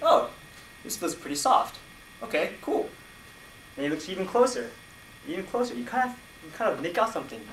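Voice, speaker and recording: A man spinning an improvised story for a speaking club, animated and laughing along, with a bright, fairly high voice. The mic sits far off in an echoing meeting room with faint noise.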